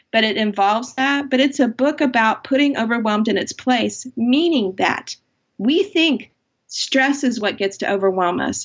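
A woman's voice: on the high side, fairly bright tone. A middle-aged woman who is an author, talking earnestly and with passion as a guest in a faith-based podcast conversation. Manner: earnest, impassioned, emphatic. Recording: dull lo-fi sound.

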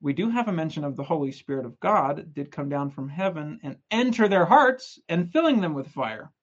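A young man giving a casual, energetic scripture lesson, retelling stories in a chatty, playful way. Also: a little high, moderate pace, lo-fi sound. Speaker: scripture study presenter.

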